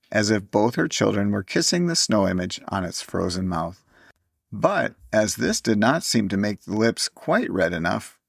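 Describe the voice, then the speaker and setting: A man reading a classic story aloud in measured audiobook narration. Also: lowish voice, gravelly, dry recording, studio quality.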